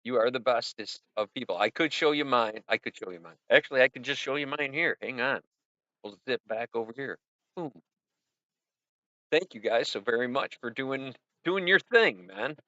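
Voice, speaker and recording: A middle-aged man hosting a casual livestream, rambling and upbeat as he chats to viewers and keeps punctuating with "boom". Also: expressive, normal speed, bright, forceful tone, dry recording. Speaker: livestream host. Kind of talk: casual livestream chat reviewing viewer art. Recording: dull lo-fi stream audio.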